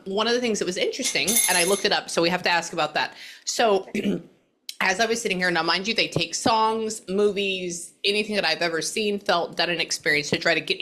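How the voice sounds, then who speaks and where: A woman's voice: mid-range voice, sharp tone. A woman working as a psychic medium, talking a client through a reading in a chatty, rambling way over a video call. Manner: chatty, rambling, swears casually.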